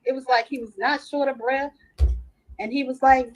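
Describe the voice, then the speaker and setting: A woman's voice: sits high, steady tone, normal speed, slight background noise, poor audio. A middle-aged woman, a grieving mother, earnestly recounting details at length in a recorded interview.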